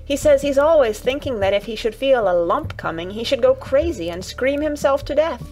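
Woman doing a curious little girl, eager and crisp, soft music behind. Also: sits high, animated, moderate pace, pitched above the performer's own voice.

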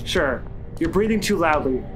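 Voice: mid-range voice, lively intonation, normal speed. A let's play gamer giving frantic, swearing, self-mocking commentary while playing. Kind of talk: casual gameplay commentary. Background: game music.

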